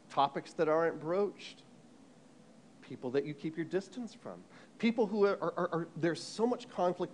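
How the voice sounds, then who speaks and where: An animated sermon from an American man, his voice on the high side, tells a story with plenty of false starts and repeated words. A little hiss or hum sits in the background.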